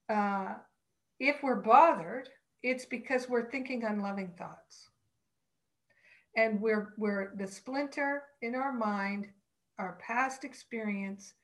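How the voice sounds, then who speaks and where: A woman teaching on spiritual practice, speaking in a slow, earnest and emphatic way. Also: on the high side, poor audio.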